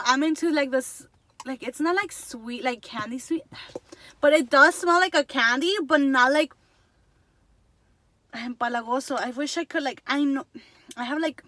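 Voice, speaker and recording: A woman with a high, bright, slightly sharp voice talks casually to camera. She rambles and gushes, filling her sentences with "like" and dropping in Spanish words here and there. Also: moderate pace, dry recording. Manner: rambling and gushing, heavy use of "like", drops in Spanish words. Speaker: vlogger.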